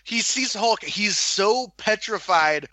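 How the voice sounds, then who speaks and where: Bright, eager man chatting about films. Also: high voice, expressive, slow pace, no room sound, poor audio. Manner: enthusiastic, laughs often, acts out movie lines. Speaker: podcast co-host. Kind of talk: casual film chat.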